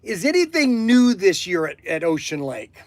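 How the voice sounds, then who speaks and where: A man from Ohio with a high-pitched voice talks in an excitable, gushing way, often stumbling over his words. His voice sounds dry and close, with no room echo. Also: moderate pace. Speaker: livestream host. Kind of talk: casual phone chat. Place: workshop.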